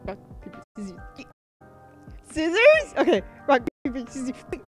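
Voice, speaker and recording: A young woman hosting a casual read-along stream, quick to giggle and curse at herself. Her pitch bounces around a great deal, and soft music sits faintly under her voice. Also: huge pitch swings, low-quality recording. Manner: giggly, swearing, self-mocking banter. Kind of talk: casual livestream, reading a novel aloud.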